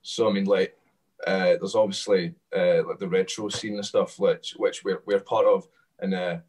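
Scottish man, musician guest, low-pitched, rambling with fillers, sounds distant from the mic. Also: steady tone, normal speed, darkish tone. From Scotland. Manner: rambling, lots of fillers and restarts. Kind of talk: casual panel chat.

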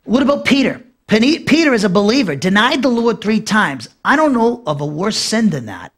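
A man preaching a verse-by-verse Bible lesson. His voice sits high, climbing further when he stresses a point and sinking low and soft as he wraps one up. He repeats key phrases for emphasis and asks questions of his listeners. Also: big pitch swings, moderate pace, breathy edge. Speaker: pastor teaching a Bible class. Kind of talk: expository sermon.

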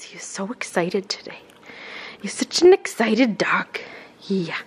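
A woman's voice: mid-range voice, big pitch swings, measured pace, slight background noise. A woman vlogging casually at home into a handheld camera, talking in a chatty way full of fillers and speaking fondly to her dog. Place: at home, indoors.

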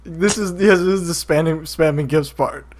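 A man's voice: on the high side, moderate pace. A man hosting a casual gaming podcast, laughing often and bursting into exclamations. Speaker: podcast host.

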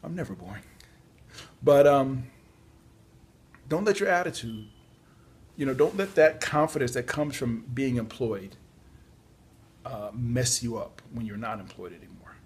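A man's voice: mid-range voice, lively intonation, unhurried, pauses often, darkish tone, breathy edge. A tired man giving casual, chatty job-search advice, yawning at times and adding apologetic asides. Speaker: podcast host on job search. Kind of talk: casual spoken advice talk.

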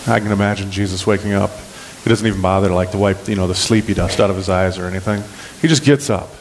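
A man preaching a sermon in a relaxed, folksy, storytelling manner, with plenty of ums and restarts. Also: sits low, fast, in a large hall, a little hiss or hum. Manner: folksy, conversational, many fillers and restarts. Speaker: pastor. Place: church sanctuary.

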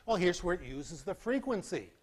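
Man, physics lecturer, lecture hall, animated, lively pitch, slightly high voice. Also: normal speed, breathy edge. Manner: animated, acts out beeping sounds and demonstrates with props. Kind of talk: classroom lecture.

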